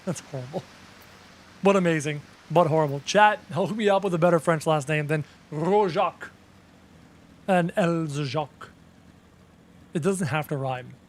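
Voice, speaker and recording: A man's voice: on the high side, measured pace, pauses often. A Canadian man streaming a game, chatting casually with viewers and muttering as he reads lists aloud, with faint music behind him. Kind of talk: casual live-stream chat.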